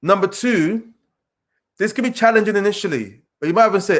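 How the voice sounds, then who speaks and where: A man from England giving an earnest motivational talk, stressing points through repetition, with pauses and filler sounds. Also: high voice, fairly bright tone. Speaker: speaker addressing young people.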